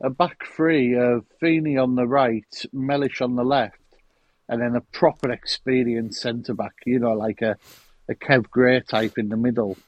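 A man's voice: medium pitch, steady tone, moderate pace, dry recording, muffled recording. Man co-hosting a podcast on a dry mic. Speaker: podcast co-host. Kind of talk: casual football chat.

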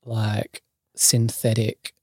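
On an echo-free, clean studio recording, a lowish, monotone male voice speaks very slowly, a little mellow and husky. The Australian podcast guest meanders through a long casual story, using lots of ums and likes and swearing freely.

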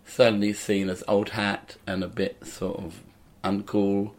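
A man's voice: on the low side, little pitch movement, measured pace, a little mellow. An older man from England, a comedian and musician, telling rambling anecdotes in a casual interview.

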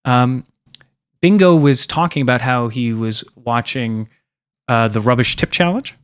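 A man's voice: medium pitch, unhurried, smooth, no echo, clean studio sound. A young man hosting a casual comedy podcast, rambling loosely, swearing a lot and acting out voices. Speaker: podcast host.

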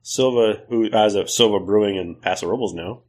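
Husky low-voiced man, chatty. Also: normal speed, a little mellow. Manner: chatty, asks questions. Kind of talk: casual chat.

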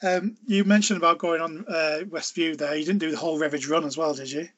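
A man hosting a podcast, asking gentle, hesitant questions. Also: on the high side, steady tone, brisk, highs cut off. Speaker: podcast host. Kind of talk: interview questions.

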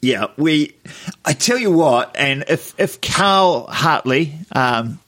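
A man co-hosting a podcast, telling stories in a lively way and acting out the people he quotes. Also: on the high side, slow pace. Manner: animated storyteller who acts out the people he quotes; laughs often while telling stories. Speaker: podcast co-host. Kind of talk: casual chat.

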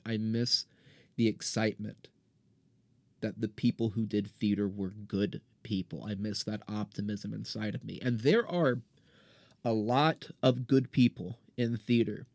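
A man's voice: fairly low pitch, steady tone, a little slow, a little mellow, no room sound. A man in his thirties hosting a podcast, delivering an impassioned, indignant solo rant. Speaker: podcast host. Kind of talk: solo ranting monologue.

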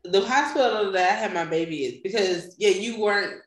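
A woman's voice: mid-range voice, a little fast. A woman talks in a mid-range voice, chatty and curious, chiming in with questions in casual conversation. Her voice rings in a roomy, echoey space. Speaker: podcast co-host. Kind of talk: casual chat. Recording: roomy echo.

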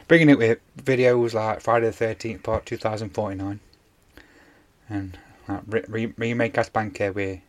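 A man's voice: on the low side, level tone, normal speed. A man, casually retelling a TV episode on a podcast, rambling with many fillers. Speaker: podcast co-host. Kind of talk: casual chat.

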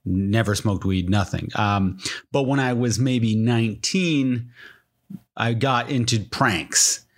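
Casual, animated male storyteller. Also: fairly low pitch, takes it slowly. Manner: animated storyteller who acts out quotes. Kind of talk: casual chat.

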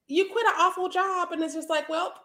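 A woman's voice: very high voice, steady tone, fairly quick, bright, forceful tone. A woman co-hosting a podcast in casual chat, playful and candid, laughing often. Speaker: podcast co-host.

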